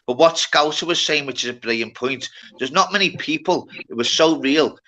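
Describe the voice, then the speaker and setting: A man's voice: a little high, normal speed, bright, forceful tone, poor audio. A man hosting a casual live panel chat, matey and sweary, calling people lad.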